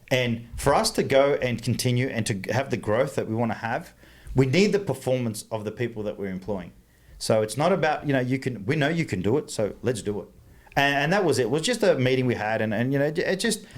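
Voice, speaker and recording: An Australian man speaks as a podcast guest at an ordinary middle pitch. His talk is blunt and rambling, full of restarts and asides. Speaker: guest, engine builder. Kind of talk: casual podcast chat.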